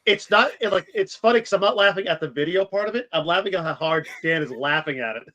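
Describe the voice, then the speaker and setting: A man's voice: high-pitched, expressive, quick pace, pushed and bright. A man co-hosting a movie podcast in casual chat, skeptical and mocking. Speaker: podcast co-host. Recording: dull lo-fi sound.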